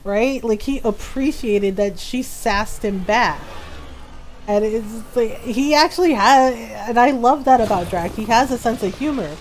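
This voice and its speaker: A woman's voice: fairly high pitch, unhurried, a little hiss or hum. A woman chatting casually while live-streaming a game, full of fillers and laughs.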